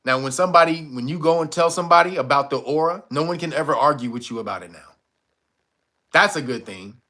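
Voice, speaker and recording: A man's voice: a little high, fast, sharp tone. A man hosting a livestream, telling a casual, profane story and laughing often. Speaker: livestream host.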